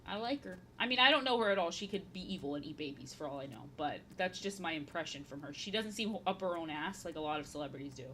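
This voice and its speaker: A woman in her thirties with a bright, sharp voice chats casually on a live stream while she paints. She rambles, says the same phrase twice or three times over, and sounds playful. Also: lowish voice, expressive, fast, few pauses, a little hiss or hum. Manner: playful, slips into silly voices.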